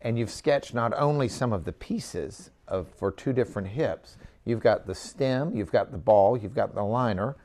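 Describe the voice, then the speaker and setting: A man's voice: fairly low pitch, normal speed, hardly any pauses, a little mellow. A man interviewing, telling the story in an emphatic, indignant way.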